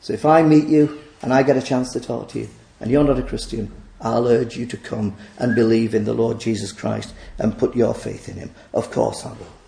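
A man's voice: medium pitch, steady tone, moderate pace, vocal fry, mellow. A man preaching a sermon, earnest, painting scenes vividly for his listeners. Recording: echoey room.

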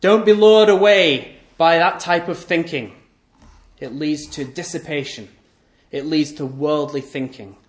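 Emphatic male preacher in an echoey room. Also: measured pace. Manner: emphatic, repeats key phrases, asks rhetorical questions; voice often drops low and soft at the end of phrases. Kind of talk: sermon.

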